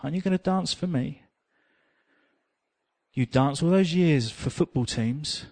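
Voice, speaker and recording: A man voicing God as a gentle, loving father who speaks softly and pleads with him. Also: fairly high pitch, unhurried, no echo. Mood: tender.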